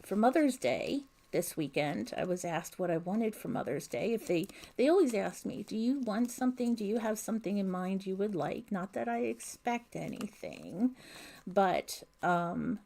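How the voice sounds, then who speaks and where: A woman's voice: medium pitch, animated, normal speed, dark tone. A middle-aged woman hosting a crochet livestream from home, chatting casually and reading viewer comments aloud on a desk mic. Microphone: desk mic picking up room sounds.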